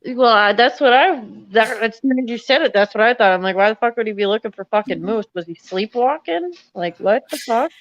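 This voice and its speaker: A woman's voice: fairly high pitch, animated, a little fast, hardly any pauses, dull audio. A young woman joining a livestream chat as a guest over a call, talking in a laid-back, profane way. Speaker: guest, host's niece. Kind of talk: casual chat.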